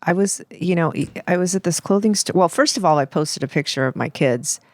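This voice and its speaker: A woman in her forties co-hosting a podcast, chatty and animated, laughing a lot. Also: lowish voice, brisk, no echo. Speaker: podcast co-host. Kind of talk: casual podcast chat.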